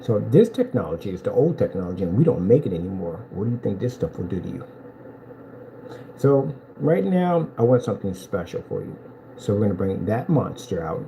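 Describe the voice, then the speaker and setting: A man rants in a boastful, taunting way on his vlog as he pitches projector screens. His voice leaps up and down through a wide range, though his tone stays mellow and warm, and a faint hiss sits behind him. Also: brisk, rough recording. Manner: animated storytelling with big pitch swings. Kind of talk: ranting promotional vlog.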